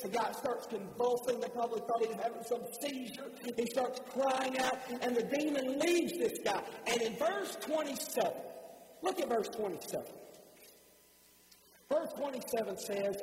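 A man preaching a sermon, swinging from impassioned shouts to soft, hushed emphasis. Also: very high voice, a little hiss or hum. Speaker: pastor. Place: church sanctuary. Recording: roomy church hall reverb.

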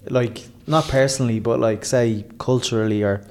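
A man's voice: mid-range voice, steady tone, normal speed, darkish tone. A man co-hosting a casual chat, asking blunt questions. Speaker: co-host.

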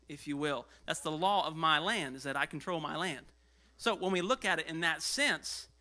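Guy pastor preaching, kinda high bright voice, out of breath, goes loud then hushed. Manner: animated, swings between loud and hushed. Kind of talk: sermon.

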